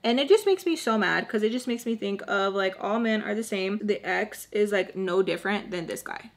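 A young woman vlogger spinning a casual storytime, animated and blunt with plenty of swearing. Her voice sits at an ordinary middle pitch. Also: normal speed.

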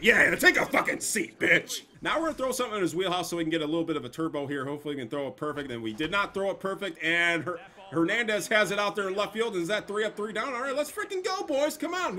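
Excitable young man trash-talking a game. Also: sits high. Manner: excitable, profane trash talk. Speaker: gameplay streamer. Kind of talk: casual gaming commentary.

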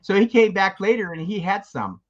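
Older male veteran, rambling storyteller, slightly high voice, dull lo-fi recording. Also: lively intonation, normal speed, a crowd in the background. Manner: rambling anecdotes, acts out quoted voices. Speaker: guest, veteran. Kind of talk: casual storytelling.

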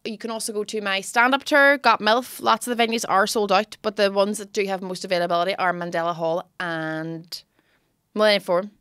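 A woman with a Northern Irish accent, a comedian co-hosting a casual podcast, telling animated stories and slipping into impressions. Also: mid-range voice, a little fast, clear, resonant tone, dry recording, studio quality. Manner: animated storyteller, mimics and laughs.

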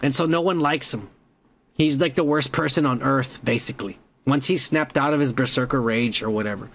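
A man's voice: mid-range voice, fairly quick, fairly bright tone. A man recapping a movie in a casual, profane, rambling way, retelling scenes with acted-out quotes. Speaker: podcast host.

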